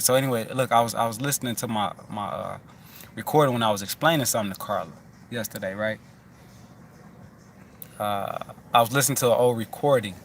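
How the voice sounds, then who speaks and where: A man's voice: medium pitch, a bit bright, slight background noise. Rambling, profane man in casual chat. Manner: rambling, loose and profane, with many restarts.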